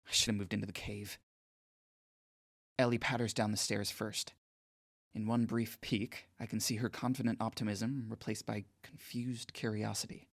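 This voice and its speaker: A man's voice: fairly low pitch, creaky, no echo, clean studio sound. An actor playing an anxious, awkward teenage boy who narrates his own story in an audio drama, speaking in an inward, self-deprecating way.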